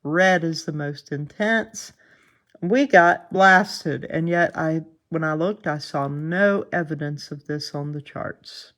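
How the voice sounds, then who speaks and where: A woman's voice: deep voice, takes it slowly, a bit bright. A woman with a Southern US accent, just woken up and sleepy, chatting casually through a live stream as she thinks aloud over space weather charts. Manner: chatty, laughs often, thinks aloud while scanning charts.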